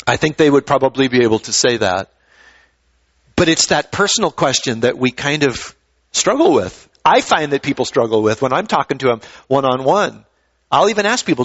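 A man's voice: fairly high pitch, expressive, normal speed, fairly bright tone, highs cut off. A man preaching a sermon in a conversational way, often repeating words as he starts a thought. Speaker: pastor.

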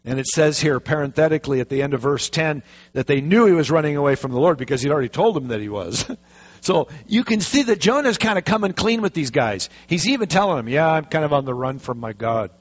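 A man's voice: a little high, sing-song, quick pace, husky. A man, a pastor, teaching a Bible passage in a folksy, chatty way with jokey asides. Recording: dull lo-fi recording.

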